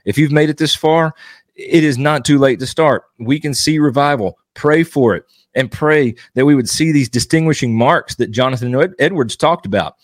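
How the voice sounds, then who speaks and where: A man's voice: mid-range voice, normal speed, no room sound, clean studio sound. A man giving earnest devotional teaching as a Baptist preacher, exhorting his listeners and driving points home with repetition.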